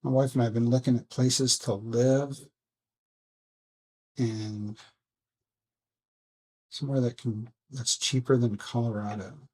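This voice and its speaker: Slow, husky-voiced man at his workbench. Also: medium pitch, steady tone. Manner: soft, rambling self-talk with musing asides. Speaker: drone hobby channel host. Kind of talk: casual build vlog, talking to viewers while working.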